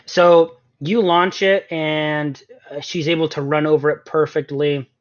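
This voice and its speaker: A man's voice: fairly high pitch, level tone, a little slow. A man narrating as game master in a tabletop game, casually and with many fillers. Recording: dull lo-fi sound.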